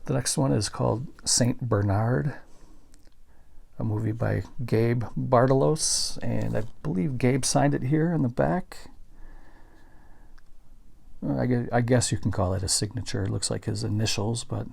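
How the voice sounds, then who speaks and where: Gravelly-voiced man chatting about collectibles. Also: medium pitch, unhurried, darkish tone. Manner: rambling, self-correcting, chatty. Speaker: collector showing his movie collection. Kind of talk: casual show-and-tell.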